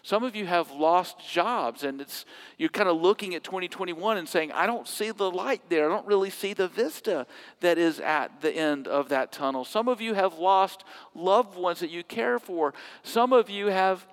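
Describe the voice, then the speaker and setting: A man preaching a sermon, swinging from loud emphatic quotes to hushed near-whispers. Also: sits high, normal speed, long reverb tail. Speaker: pastor.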